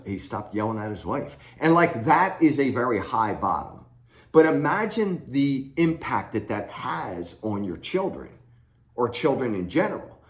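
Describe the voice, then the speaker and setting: A middle-aged man giving blunt, plain-spoken advice straight to camera as a recovery coach. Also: medium pitch. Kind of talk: direct-to-camera advice talk. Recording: echoey room.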